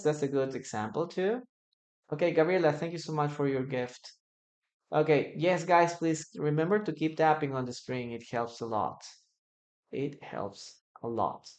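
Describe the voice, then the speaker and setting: Slow, patient English teacher. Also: mid-range voice. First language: Spanish. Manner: repeats example sentences slowly, reads out viewer comments. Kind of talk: live-streamed English lesson.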